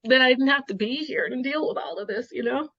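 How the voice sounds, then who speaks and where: A woman's voice: sits high, fast, bright, forceful tone, highs cut off. A middle-aged woman hosting, talking through painful family memories in a heartfelt, rambling way full of "you know"s. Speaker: host. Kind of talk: emotional personal conversation.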